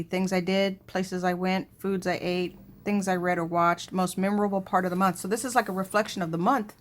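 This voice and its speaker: A woman vlogger chatting casually while flipping through a new planner, thinking aloud with lots of fillers and asides. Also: mid-range voice. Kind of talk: casual unboxing chat.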